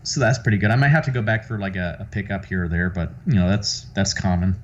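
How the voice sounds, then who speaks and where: A man's voice: sits low, steady tone, fast, muffled recording, a little hiss or hum. A man from the American South with a light Southern accent, a guest actor chatting casually in an interview, rambling with lots of fillers and restarts.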